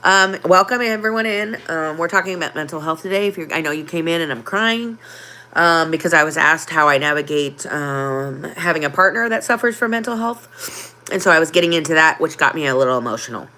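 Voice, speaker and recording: Low-pitched woman chatting on her livestream, heartfelt and open, lots of ums. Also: fairly quick, bright, forceful tone. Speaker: livestream host. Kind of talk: casual livestream chat.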